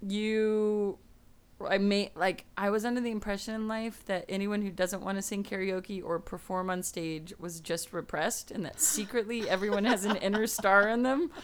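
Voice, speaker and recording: A woman co-hosting a podcast, talking in loose, rambling chat. She laughs easily, cuts herself off and keeps going with the story. Her voice sits at an ordinary middle pitch. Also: steady tone, moderate pace, slight background noise. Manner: laughing, rambling, self-interrupting. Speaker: podcast co-host. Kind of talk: casual chat.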